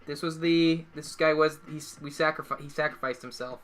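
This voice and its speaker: A man co-hosting a casual livestream, thinking aloud about his painting and quick to laugh, on one microphone shared between two hosts. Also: on the high side, fairly even intonation, a bit bright. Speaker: co-host of a livestream. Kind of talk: casual chat while painting miniatures.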